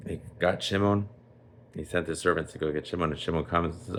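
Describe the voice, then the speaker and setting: Very deep, gravelly rabbi telling a story. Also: male voice, a little fast, slight background noise. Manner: lively, chatty, with Yiddish and Hebrew words. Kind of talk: animated storytelling for children.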